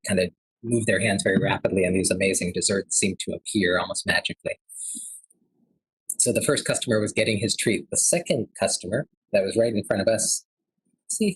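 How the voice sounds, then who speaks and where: A man's voice: on the low side, a bit bright, slightly rough, no echo, rough recording. A man in his thirties giving an earnest, conversational lecture at a health forum, telling a personal story with frequent fillers.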